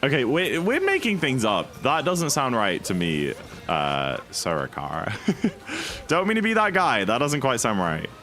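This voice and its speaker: Playful man with a lively voice. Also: mid-range voice, unhurried. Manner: playful, jokey, reads chat aloud. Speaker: streamer. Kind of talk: casual livestream chat while speedrunning.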